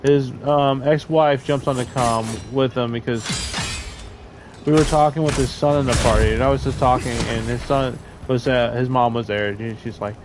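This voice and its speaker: A man's voice: medium pitch, steady tone, moderate pace, noisy background. A young man telling a crude, rambling story in casual chat, trailing off with fillers. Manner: rambling, crude, loud laughing bursts.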